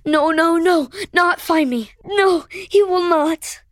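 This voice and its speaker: A sulky young prince, as a woman puts him on, whines in a very high, squeaky voice. He speaks slowly, and the recording is dry and close. It sounds like a children's storybook. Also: dry recording. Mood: fretful. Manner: whiny, sulky. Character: bad-tempered young male prince, whiny.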